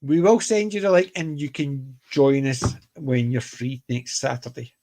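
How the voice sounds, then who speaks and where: A man's voice: medium pitch, fairly even intonation, measured pace, darkish tone. A Scottish man co-hosting a casual panel chat, rambling and jokey, full of anecdotes. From Scotland. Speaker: podcast co-host.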